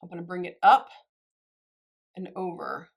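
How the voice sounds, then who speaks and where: A beauty vlogger with a lowish, creaky voice chats unhurriedly through a makeup tutorial. She gushes and speaks directly to her viewers in a casual way.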